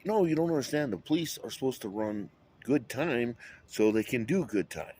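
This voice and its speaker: A man's voice: mid-range voice, lively intonation, moderate pace, a little mellow, a little hiss or hum. A man talking in a rambling monologue, drifting between topics and swearing often. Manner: rambling, wandering, with frequent swearing.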